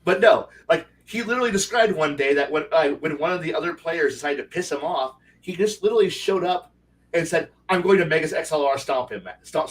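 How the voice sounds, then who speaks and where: A man with a slightly high voice, sitting far from the mic, tells a tabletop game story as game master and co-host on a home livestream. His chat is casual and rambling, packed with fillers and restarts.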